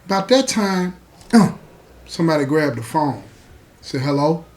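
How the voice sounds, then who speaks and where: A male podcast host with a high voice. He tells the story in a folksy, conversational way and keeps checking in with his listeners as he goes. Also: very animated, moderate pace. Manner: folksy, repeats "you know what I'm saying".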